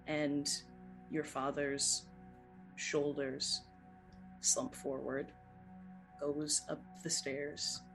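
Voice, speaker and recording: A game master narrating a tabletop game scene in a descriptive, unhurried way, with occasional fillers. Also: mid-range voice, fairly bright tone, low-quality recording.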